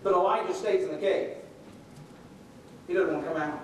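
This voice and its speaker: A man's voice: sits high, normal speed, a little hiss or hum. A middle-aged male pastor preaching a sermon, telling the story and acting out the quoted voices. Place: church sanctuary. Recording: echoey hall from far off.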